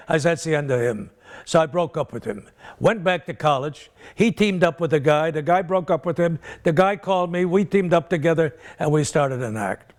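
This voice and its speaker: Speaking at normal speed in a fairly high voice, an older comedian being interviewed wanders through stories from his career. He plays the characters in them himself, in the manner of a rambling comic storyteller.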